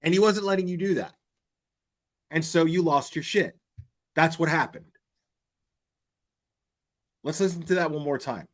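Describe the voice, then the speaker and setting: A man's voice: on the high side, unhurried, long pauses. Blunt, profane male commentator. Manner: blunt and profane, repeats points heatedly. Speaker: commentary channel host. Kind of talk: reaction commentary.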